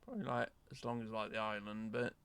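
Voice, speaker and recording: A man giving relaxed, offhand commentary while streaming a game. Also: lowish voice, quick pace, clean tone. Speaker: gameplay streamer. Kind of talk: casual gameplay commentary.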